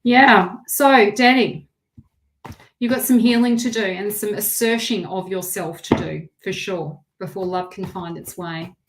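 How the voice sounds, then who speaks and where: A woman's voice: medium pitch, steady tone, unhurried, background noise. A woman with an Australian accent giving a live tarot reading, chatty and rambling, with lots of restarts. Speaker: tarot reader.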